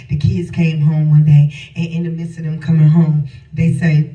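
A woman's voice: deep voice, steady tone, normal speed. Older woman preaching in a roomy hall. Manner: impassioned sing-song preaching with shouted phrases. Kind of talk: sermon. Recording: echoey hall, voice from a distance, faint music.

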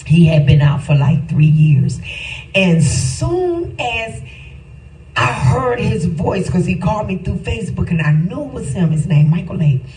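A middle-aged woman preaching a personal testimony, slow and emphatic, rising at times to shouts. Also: fairly low pitch, big pitch swings. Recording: roomy, distant mic, faint ambience.

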